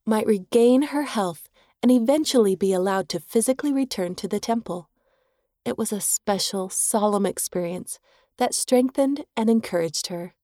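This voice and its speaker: A woman narrates a devotional story in a calm, measured reading voice. Her tone is soft and mellow, and the sound is close and dry. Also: mid-range voice, no echo. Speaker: reader.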